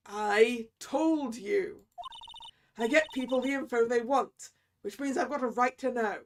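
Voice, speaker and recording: A woman voicing a brash, loud female reporter with a folksy Southern drawl attempt, reading game dialogue aloud. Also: fairly high pitch, measured pace, slight background noise. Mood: defiant.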